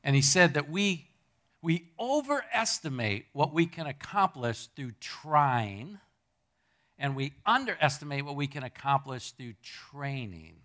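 A man preaching a sermon as pastor, swinging from loud bursts to hushed asides and acting out quotes. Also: on the high side, animated, measured pace. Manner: acts out quotes and jokes with the congregation.

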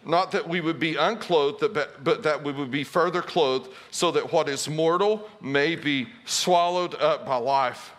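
Male pastor, middle-aged, high bright voice, humorous storyteller in the pulpit. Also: unhurried, hardly any pauses. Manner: storytelling, self-deprecating humor. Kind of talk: sermon.

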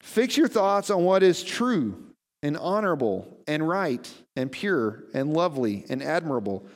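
A man's voice: a little high, sing-song, unhurried. A man preaching a sermon to his congregation, conversational, often asking them questions. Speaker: pastor. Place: church sanctuary. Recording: reverberant hall.

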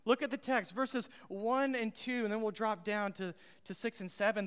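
A man preaching a sermon as pastor, emphatic and repeating his key phrases, swinging between loud and hushed, and putting questions to the congregation. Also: sits high, moderate pace, few pauses, clean tone, long reverb tail.

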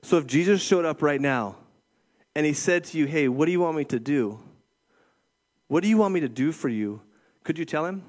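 A middle-aged man with a slightly higher-than-usual voice delivering a conversational sermon. He keeps checking in with his listeners, tossing in "okay?" and "right?" between his points. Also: lively intonation, moderate pace, long pauses, darkish tone. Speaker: youth pastor.

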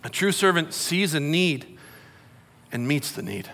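A man's voice: a little high, very animated, measured pace, creaky, bright, forceful tone. A middle-aged man preaching a sermon in a conversational, storytelling way, acting out quotes. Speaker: pastor. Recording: long hall reverb.

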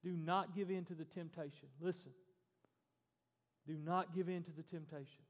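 High-voiced preacher man in a big hall. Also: normal speed. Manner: animated preaching, acting out quoted voices. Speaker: pastor. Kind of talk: sermon.

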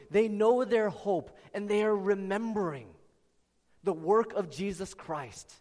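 A male pastor delivering an earnest sermon, speaking to members of his congregation by name. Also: fairly high pitch. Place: church sanctuary. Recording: long reverb of a large church hall.

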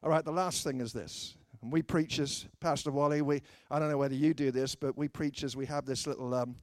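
A man's voice: medium pitch, steady tone, brisk, a little mellow, dry recording. A British man preaching a humorous sermon, telling stories and acting out the voices of the people in them with dry, self-mocking wit. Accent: British English. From Britain. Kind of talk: humorous sermon with acted anecdotes.

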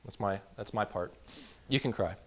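A man's voice: fairly low pitch, moderate pace, dull audio. A man pastoring a church, preaching a conversational sermon in an earnest, informal way and often repeating words as he builds a point.

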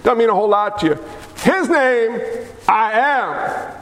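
Energetic male pastor, high voice, playful and questioning, reverberant church hall. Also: a little slow. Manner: energetic, joking, asks the congregation questions. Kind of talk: sermon. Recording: echoey hall with faint noise.

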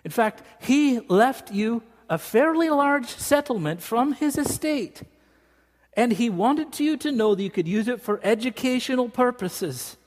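A man's voice: extremely high pitch, animated, measured pace, pitched above the performer's own voice. A man voicing a genial caller on the phone, with a chirpy, sing-song manner. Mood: cheery. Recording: reverberant church hall.

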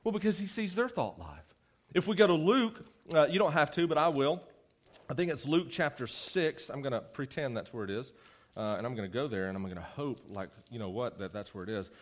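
A young man preaching a conversational sermon, animated and teasing his listeners. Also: mid-range voice, brisk. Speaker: youth preacher.

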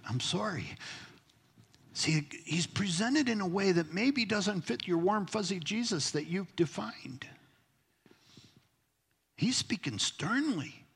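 A man's voice: high-pitched, animated, a little slow, pauses often, fairly bright tone, breathy edge. A man preaching a sermon as pastor, emphatic, sometimes dropping to a near-whisper to stress a point. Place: church sanctuary. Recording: long hall reverb.

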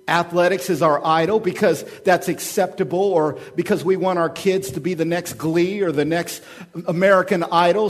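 A man from Oklahoma preaching a sermon as pastor, swinging from hushed asides to loud, joking, animated stretches. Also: high voice.

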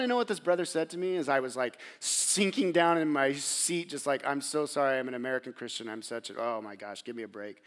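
A man preaching to a congregation in a church sanctuary, his voice sitting a little high for a man. He moves from loud, fervent exhortation down to near-hushed passages, pressing his points with earnest passion. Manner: impassioned, swings from loud exhortation to hushed quiet. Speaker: pastor. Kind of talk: sermon.

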